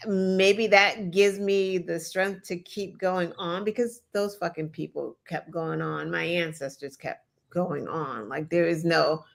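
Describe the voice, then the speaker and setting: A woman's voice: fairly low pitch, takes it slowly, gravelly. Emphatic, profane woman co-host. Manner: emphatic, profane, with many "like" and "you know" fillers. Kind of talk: casual political chat.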